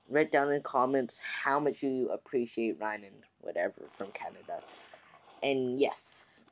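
A man's voice: mid-range voice, a little hiss or hum. Rambling young-sounding gaming YouTuber guy. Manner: rambling, many restarts and fillers. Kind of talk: casual let's-play commentary.

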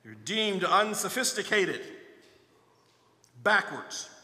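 A man's voice: high voice, lively intonation, slow, bright, forceful tone. A male priest giving a sermon in a folksy, joking way, speaking directly to his congregation. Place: large church. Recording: echoey church hall, long reverb.

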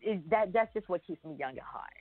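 A woman's voice: lowish voice, lively intonation, a little fast, no echo. Chatty woman on a tinny phone line. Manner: rambling, many "you know" fillers and restarts. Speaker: guest rapper. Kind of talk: casual radio interview.

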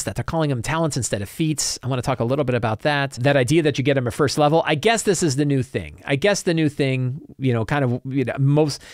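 A man hosts a tabletop gaming talk show on his own, chatty and opinionated. His voice sits at a middling pitch, and he often restarts and repeats phrases as he thinks aloud. The recording is dry, with no room sound. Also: no echo. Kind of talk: casual solo commentary.

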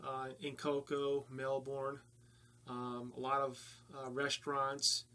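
A man from New Jersey with a North Jersey accent, a paranormal investigator telling of his investigations in a halting way with many fillers. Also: mid-range voice, completely flat delivery, sharp tone. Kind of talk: casual interview talk.

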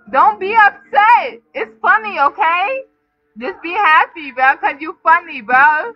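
A woman's voice: sits high, expressive, moderate pace. A drunk woman livestreaming, giggling and teasing someone in repetitive casual banter. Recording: dull lo-fi stream audio.

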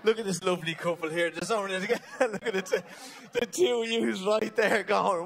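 A man with an Irish accent doing stand-up comedy, talking in a manic, shouting way and acting out characters. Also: sits high, fairly even intonation, moderate pace, gravelly, hardly any pauses. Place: theatre stage before a live audience. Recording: live show with audience noise.

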